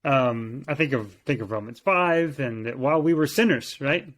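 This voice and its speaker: A man's voice: medium pitch, animated, normal speed, a bit bright. A man co-hosting a conversational Bible lesson, thoughtful and given to restarts and repeated words. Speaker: co-host, teacher.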